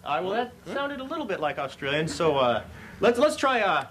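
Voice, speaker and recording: A man's voice: high voice, big pitch swings, brisk, a bit bright, a little hiss or hum. A man hosting a comedy sketch show, upbeat and stumbling over his words. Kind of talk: mock talk-show hosting.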